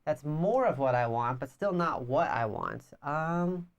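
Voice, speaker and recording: A woman with a deep, low voice chatting through a board game match. She teases her opponent and thinks each move through out loud in a relaxed, casual way. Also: a little slow, dull audio. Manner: teasing, thinks her moves through aloud. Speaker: board game player and co-host.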